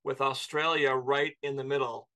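A man from the United States, a minister, talking as a guest on a podcast in a lively, joking storytelling way. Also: mid-range voice, moderate pace, clear, resonant tone. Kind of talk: casual conversation.

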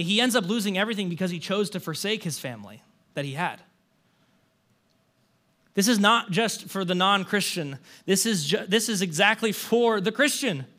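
A high-pitched man preaches a conversational sermon as a pastor. He tells the story in an animated way, asking rhetorical questions and often saying a casual "like."

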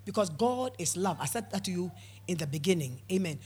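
Husky-voiced woman preaching with fervor. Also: lowish voice, expressive, fairly quick, a little mellow. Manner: emphatic, repeats words, call-and-response amens. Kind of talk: sermon.

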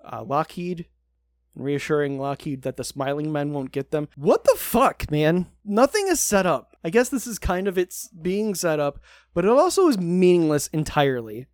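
A man's voice: fairly high pitch, big pitch swings, normal speed, no echo, clean studio sound. A man co-hosting a podcast, recapping a TV show in casual, sarcastic chat and swearing freely.

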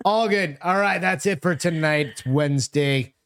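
A man's voice: on the high side, normal speed, fairly bright tone, clear, resonant tone, no room sound, studio quality. A man co-hosting a podcast, telling stories in a loose, rambling way with plenty of swearing. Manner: loose and profane, rambling storytelling. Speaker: podcast co-host. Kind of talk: casual chat.

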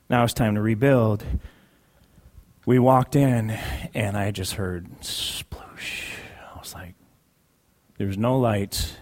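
A man sharing a personal testimony in a sermon, conversational and emphatic, repeating key phrases for weight. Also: mid-range voice. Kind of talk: sermon storytelling.

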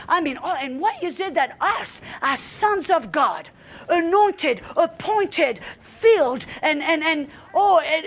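A woman preaching a sermon with fervent energy. She peppers her talk with "amen" and rises to shouted exclamations. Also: very high-pitched, vocal fry. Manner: frequent "amen" and call-and-response.

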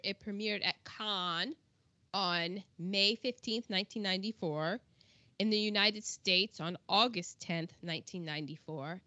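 A woman hosting a casual podcast, reading film credits in a steady, unhurried way. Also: medium pitch, no echo. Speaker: podcast host. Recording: dull, dry lo-fi recording.

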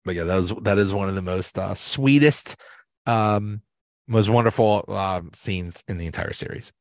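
A man hosting a podcast, casually retelling sitcom episodes in a rambling, halting way with restarts and laughter. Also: low voice, no echo. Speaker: podcast host. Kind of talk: casual solo recap.

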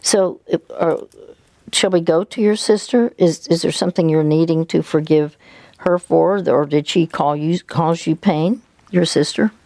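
A woman hosting a call-in advice radio show, asking calm, guiding questions. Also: low-pitched, a little slow, no room sound.

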